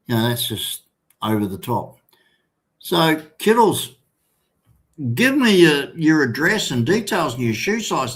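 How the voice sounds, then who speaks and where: An older Australian man hosting a casual live stream, rambling and swearing, calling viewers mate and son. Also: medium pitch.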